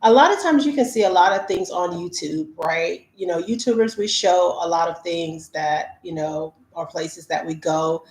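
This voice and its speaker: A woman's voice: lowish voice, normal speed, hardly any pauses. A woman travel vlogger from the United States telling her viewers candid stories in a chatty, casual way with lots of fillers. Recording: roomy echo.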